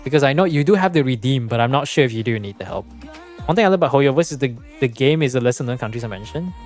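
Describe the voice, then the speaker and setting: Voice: mid-range voice, animated, fast, darkish tone, faint music behind. A game streamer in casual livestream chat, explaining numbers, chatting and laughing often.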